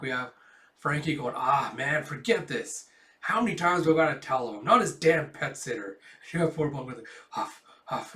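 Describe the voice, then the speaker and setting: A man with a mid-range, fairly bright voice hosts a casual manga reading, chatting, laughing, and using lots of fillers. A distant mic gives the recording a roomy sound.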